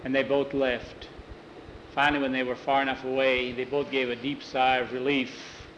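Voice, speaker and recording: A man telling a western tale in an unhurried, folksy way, correcting himself as he goes. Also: medium pitch, little pitch movement, fairly bright tone, lo-fi sound, a little hiss or hum. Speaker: storyteller. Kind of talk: oral storytelling.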